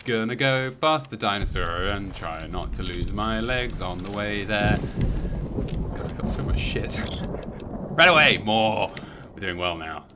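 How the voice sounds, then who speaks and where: A man's voice: fairly low pitch, animated, measured pace, noisy background. A British man streaming a video game, swearing, joking and mimicking people as he plays. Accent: British English. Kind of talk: casual gameplay chat. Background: game music.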